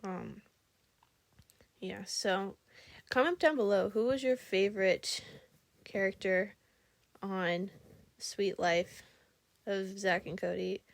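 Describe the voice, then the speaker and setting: A woman's voice: mid-range voice, takes it slowly, gravelly, long pauses, no echo. A young adult woman vlogging casually, telling stories in a rambling, chatty way full of fillers and giggles. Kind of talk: casual storytelling vlog.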